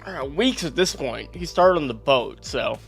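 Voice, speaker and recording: A man reads a game's story aloud on stream, slipping between plain narration and casual asides. His voice sits slightly high, and faint game music plays underneath. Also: animated, unhurried, gravelly, fairly bright tone.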